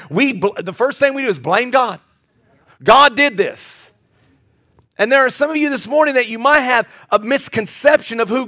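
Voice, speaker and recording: A middle-aged man preaching with a strikingly high voice. He is impassioned and stumbles over restarts and repeated words. He keeps throwing questions out to his listeners. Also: fairly bright tone. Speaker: pastor. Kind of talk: sermon.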